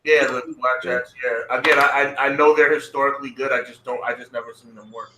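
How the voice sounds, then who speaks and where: A man's voice: medium pitch, fairly even intonation, a little fast, sharp tone, slight background noise. An easygoing man chatting casually as a podcast co-host. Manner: easygoing, laughs easily. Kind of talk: casual chat.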